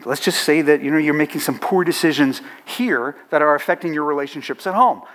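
A man's voice: a little high, a little fast, a bit bright. A middle-aged man who leads a chaplaincy organization, telling an anecdote to an audience with playful asides. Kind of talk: storytelling talk to an audience.

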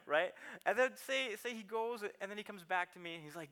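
A man's voice: high voice, animated, moderate pace, sharp tone. A man in his thirties preaching a sermon in a chatty, self-deprecating way, laughing often and repeating words. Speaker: pastor.

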